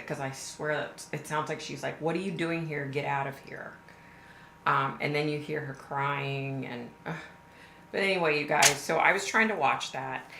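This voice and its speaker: Low-voiced woman chatting on a live stream. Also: sharp tone, echoey room, slight background noise. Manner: chatty and emphatic, addresses viewers directly. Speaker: livestream host. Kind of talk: casual live-stream chat to viewers.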